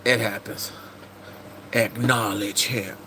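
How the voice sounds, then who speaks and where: A man's voice: lowish voice, steady tone, slow, pushed and bright, a little hiss or hum, low-quality recording. A man chatting casually on a live stream, muttering asides to himself as he reads entertainment and gaming news aloud.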